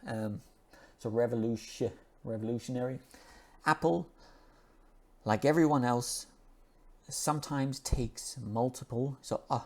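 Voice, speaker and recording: A man teaching English pronunciation, reading an article aloud and slowly repeating the sounds in each word. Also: mid-range voice, a little mellow. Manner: slow and repetitive, drawing out and repeating sounds.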